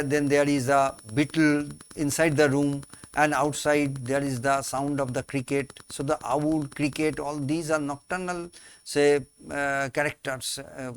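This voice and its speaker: A man, teaching a poem slowly in class, repeating and rephrasing key words. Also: on the high side, fairly bright tone. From India. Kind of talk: slow classroom explanation of a poem.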